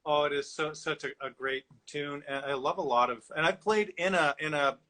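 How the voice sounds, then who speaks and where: A male interviewer with a fairly high, bright voice chats with easy enthusiasm. He is quick to praise and keeps the conversation friendly and casual. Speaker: interviewer host.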